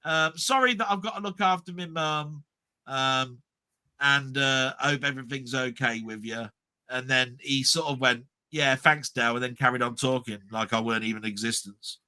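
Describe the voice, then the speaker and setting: A man's voice: mid-range voice, moderate pace, sharp tone, clean tone. A man, co-hosting a casual film chat live stream with jokey, mock-grumpy banter.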